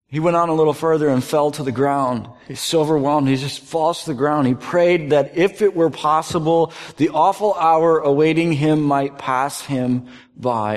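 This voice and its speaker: An earnest man delivers a sermon, pressing hard on some points and sinking to a near hush on others. His voice sits a little high. A long echo trails each phrase, as in a large hall. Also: fairly even intonation, moderate pace, hardly any pauses. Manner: earnest, swings from emphatic to hushed and quiet. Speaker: pastor.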